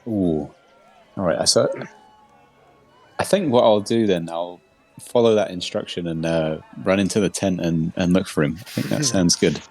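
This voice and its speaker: A man speaking as a player at a tabletop game in a hesitant, halting way. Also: sits low, darkish tone, faint music behind. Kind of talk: casual tabletop play.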